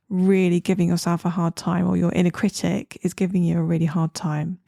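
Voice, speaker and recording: A woman psychologist with an Australian accent giving calm, soothing advice on a podcast, sometimes slowing down to a whisper. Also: on the low side, gravelly, no echo, clean studio sound. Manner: calm, soothing, slows down and drops to a whisper on key words.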